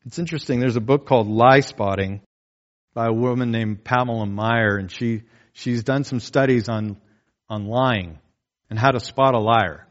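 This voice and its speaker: A man's voice: mid-range voice, normal speed. Man, pastor, conversational sermon, slightly muffled recording. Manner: conversational preaching, acts out quotes, frequent "right?".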